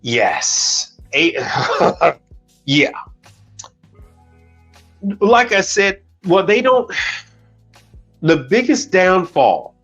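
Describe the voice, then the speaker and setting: A man's voice: high-pitched, sing-song, drawn-out words, pauses often, fairly bright tone, faint music behind. A man hosting a casual livestream, telling stories bluntly and with plenty of profanity, acting out the dialogue. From Chicago. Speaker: livestream host.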